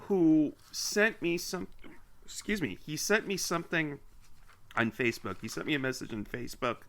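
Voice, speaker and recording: A man's voice: on the high side, big pitch swings, normal speed, a bit bright, a little hiss or hum. A man co-hosting a podcast, chatting casually and teasingly as he reads listener mail aloud with asides. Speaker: podcast co-host.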